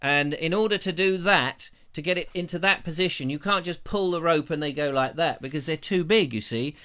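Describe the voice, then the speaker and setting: A man's voice: fairly high pitch, brisk, clean tone. A middle-aged English man with an English accent, telling a rambling story on a live stream and acting out bells and voices. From England. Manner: animated, mimics bell sounds and voices. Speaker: vlogger hosting a live stream. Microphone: lavalier.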